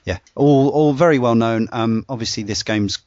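A man's voice: mid-range voice, normal speed, darkish tone, no room sound. A man hosting a casual discussion, rambling with many fillers and restarts. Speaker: podcast host. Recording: dull dry lo-fi sound.

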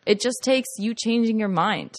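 A woman's voice: a little high, normal speed. Earnest, persuasive young woman. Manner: earnest, persuasive, swears freely. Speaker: podcast guest, actress. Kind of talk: casual chat.

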